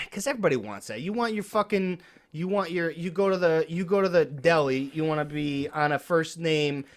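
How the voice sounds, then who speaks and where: Animated swearing storyteller man. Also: on the high side, moderate pace. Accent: New York. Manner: animated storyteller, swears often, acts out other people's lines. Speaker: podcast co-host. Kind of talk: casual chat.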